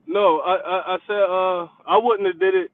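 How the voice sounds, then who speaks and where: A man calling in to a live stream, speaking hesitantly with many pauses and restarts. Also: high-pitched, fairly even intonation, no echo. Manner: hesitant, halting. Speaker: caller. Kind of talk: casual call-in chat. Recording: tinny phone-like call audio.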